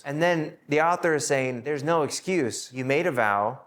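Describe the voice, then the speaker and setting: A man's voice: animated, fairly quick, few pauses, a bit bright. A man teaching a Bible study to a live group, acting out the people in his stories with shifts in his voice. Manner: acts out quoted voices with shifts in pitch.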